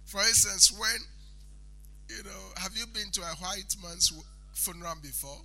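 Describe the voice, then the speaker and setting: A male preacher giving a sermon, chanting lines in sing-song and shouting at the peaks, acting out the people he quotes. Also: high-pitched, moderate pace, vocal fry. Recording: faint music behind the voice.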